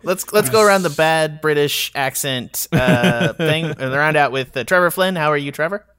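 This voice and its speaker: A man's voice: fairly high pitch, moderate pace, a bit bright, smooth, no room sound. A man hosting a movie podcast, talking in a loose, rambling way with frequent fillers and restarts. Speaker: podcast host. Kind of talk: casual movie review chat.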